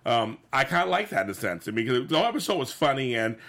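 A man co-hosting a podcast recaps a sitcom episode in a casual chat, rambling with plenty of fillers and restarts. His medium-pitched voice is sing-song and a bit bright, and he talks fast.

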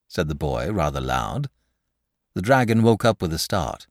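A man reading a classic story aloud, measured and even between character voices. His mid-range voice moves with a wide, lively lilt, recorded dry and close to the mic. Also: a bass voice, dry recording. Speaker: narrator.

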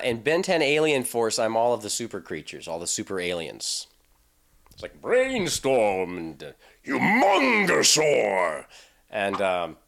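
Playful middle-aged voice actor, very lively. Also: male voice, fairly low pitch. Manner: playful, joking, breaks into laughs. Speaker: voice actor being interviewed. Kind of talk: casual interview chat.

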